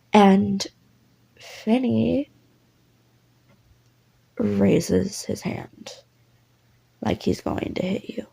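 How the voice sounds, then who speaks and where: A woman's voice: medium pitch, steady tone, slow, gravelly, pauses often, dark tone, husky, low-quality recording. A woman casually narrating a listener role-play story in a rambling, apologetic way, with lots of fillers and swearing.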